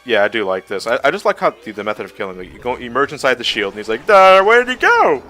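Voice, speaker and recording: A man's voice: lowish voice, lively intonation, very fast, bright, forceful tone, faint music behind. A man co-hosting a casual gaming livestream, laughing often and swearing casually while he plays. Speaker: livestream co-host playing the game.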